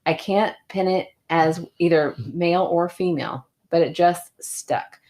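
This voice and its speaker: A woman in her thirties co-hosts a casual podcast with a slightly low voice. She reads stories and chats, laughing often and acting out the moments she retells. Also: unhurried, a little mellow. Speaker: podcast co-host. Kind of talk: casual chat and story reading.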